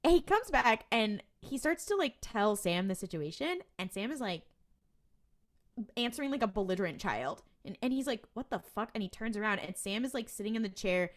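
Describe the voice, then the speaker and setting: A woman co-hosting a podcast, chatting casually through an episode recap. She tells it in an animated way, often slipping into quoted lines from the characters. Her pitch sits in the middle of the usual range. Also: normal speed. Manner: animated storytelling with quoted voices and laughs. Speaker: podcast co-host.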